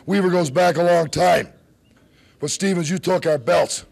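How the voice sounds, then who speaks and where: A man's voice: high voice, normal speed, creaky, darkish tone. A man cutting a wrestling promo, bluntly threatening his rivals.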